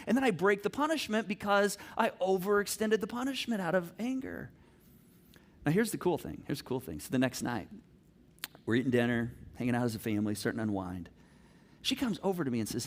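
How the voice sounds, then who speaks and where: A middle-aged man preaching a sermon as pastor, telling family stories and acting out the scenes with animated energy. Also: high-pitched, brisk.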